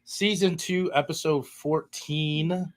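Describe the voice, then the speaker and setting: A man's voice: a little high, steady tone, slow pace. A man hosting a live paranormal podcast in an easy, rambling way. He talks casually, fumbles names now and then and laughs it off. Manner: loose, rambling, trips over guests' names. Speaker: podcast host. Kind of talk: casual live-stream chat.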